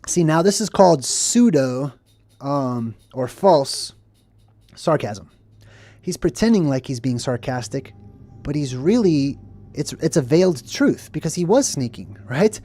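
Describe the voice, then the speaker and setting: A man's voice: fairly high pitch, animated, unhurried, warm tone. A man hosting film commentary in an earnest, preachy way, often checking in with "right?" and "okay?". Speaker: host.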